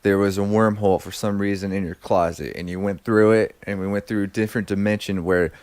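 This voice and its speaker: A man's voice: lowish voice, fairly even intonation, fairly quick, a little mellow, clear, resonant tone, no room sound. A man from the United States co-hosting a podcast in casual chat, joking crudely and rambling. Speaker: podcast co-host.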